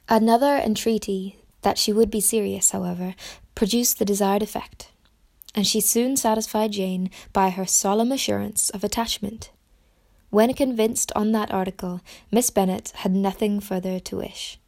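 A woman reading a novel aloud as an audiobook narrator, in measured, clear storytelling. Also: mid-range voice, steady tone, dark tone. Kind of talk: scripted narration.

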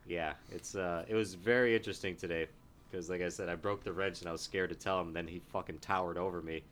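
A man's voice: low-pitched, fairly even intonation, quick pace, fairly bright tone, a little hiss or hum. A man, a podcast guest and drummer, telling a profane story in casual chat.

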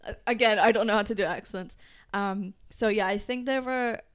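A woman's voice: medium pitch, moderate pace, smooth. A young woman co-hosting a podcast, chatting casually and telling a rambling story with lots of giggles and fillers. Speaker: podcast co-host. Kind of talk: casual chat.

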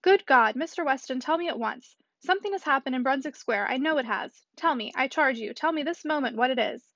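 An anxious young lady presses for answers in a storybook, urgent and commanding, read by a woman. She speaks fast and high. The sound is dull and dry. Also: lively intonation, fairly bright tone, dry recording, full character voice. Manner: urgent and demanding.

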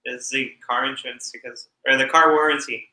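A man's voice: mid-range voice, steady tone, brisk, bright, forceful tone, echoey room, low-quality recording. A man in casual chat complaining about repeated sales calls.

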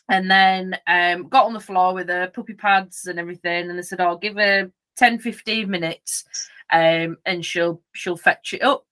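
A woman co-hosting a podcast, telling a story in lively casual chat, acting out voices, laughing and swearing. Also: lowish voice. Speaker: podcast co-host.

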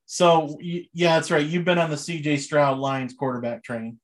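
A man's voice: a little high, level tone, moderate pace. A young man co-hosting a casual podcast, chatting loosely about sports and movies and laughing often. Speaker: podcast co-host.

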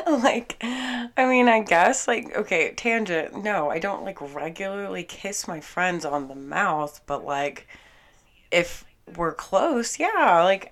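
A young woman telling a story in a casual vlog, animated and exasperated, swearing a lot and acting out both sides of an argument. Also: medium pitch, slow. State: angry and exasperated.

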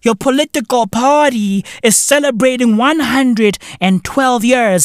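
A man, hosting a podcast with a profane, mocking comedic rant that bursts into shouting. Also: very high voice, takes it slowly, hardly any pauses, dry recording, clean studio sound. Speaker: podcast host.

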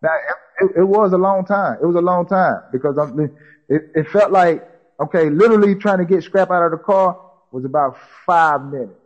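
A man with a high voice, talking a little fast, tells a personal story in casual conversation. He repeats himself and acts out what people said, and the audio is dull.

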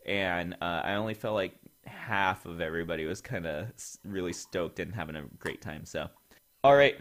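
Laid-back, low-voiced male podcast host. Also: normal speed, fairly bright tone. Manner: rambling, filler-heavy, laughs a lot. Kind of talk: casual podcast chat.

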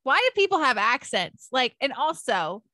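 A bubbly young woman with a Californian accent, chatting casually and ranting in an exaggerated, playful way. Her voice is bright and fairly high, with quick bursts of laughter. The recording is dry and close, with no room sound. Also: sing-song, no room sound. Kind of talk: casual chat.

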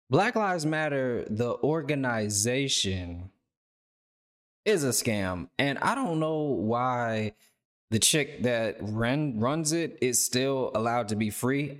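A man hosting a reaction video, talking loosely and rambling with lots of filler words. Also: medium pitch. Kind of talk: casual reaction commentary.

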